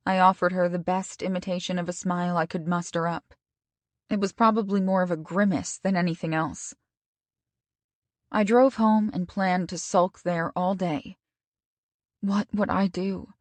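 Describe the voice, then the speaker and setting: A woman narrating a first-person romance audiobook in a slow, even, measured way. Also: on the low side, no echo.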